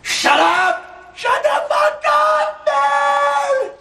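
A man's voice: extremely high pitch, animated, drawn-out words, gravelly, bright, forceful tone, raised voice, exaggerated voice. An actor in a film scene playing an enraged, paranoid man who screams slurred threats at his girlfriend. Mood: screaming rage.

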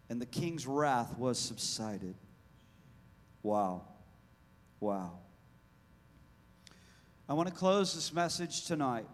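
A man preaching a fiery sermon in a church, swinging between hushed lines and loud shouting. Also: medium pitch, long reverb tail. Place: church hall.

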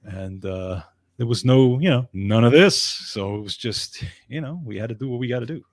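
A man's voice: mid-range voice, moderate pace, no echo, clean studio sound. A middle-aged man co-hosting a casual chat over a video call, easygoing and chatty. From upstate New York. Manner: easygoing, chatty, laughs often. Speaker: co-host.

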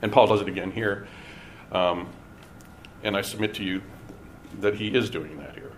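Male Bible teacher, measured lecture delivery, faint background hiss. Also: on the low side. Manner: deliberate, stresses key words with pauses.

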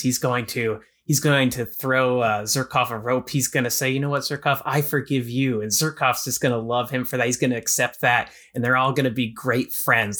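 Bright-voiced man retelling a story. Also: mid-range voice. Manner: animated retelling, acts out characters' lines. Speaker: podcast co-host. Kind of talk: casual literary discussion.

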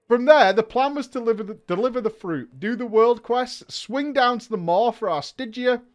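A man streaming, reading a story aloud in a casual way and breaking off for laughing, profane asides. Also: sits high. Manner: lively reading broken by laughs, swearing and mocking asides.

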